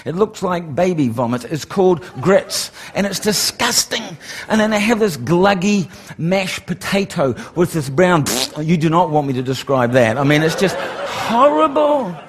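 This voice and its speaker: Picture a middle-aged preacher with a fairly high voice, telling a personal testimony. He repeats phrases and builds to excited emphasis, full of animated storytelling. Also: a little slow, breathy edge.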